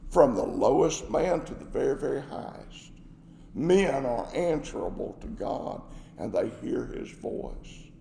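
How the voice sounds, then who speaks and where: A man's voice: medium pitch, big pitch swings, measured pace, creaky, dark tone, slight background noise. A man preaching a sermon, emphatic and repeating his phrases for stress. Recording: echoey hall with long reverb.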